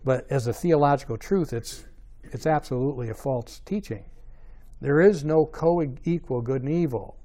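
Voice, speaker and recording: A man teaching a Bible study in a conversational way, checking in with rhetorical questions and rising to emphatic stresses. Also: on the high side.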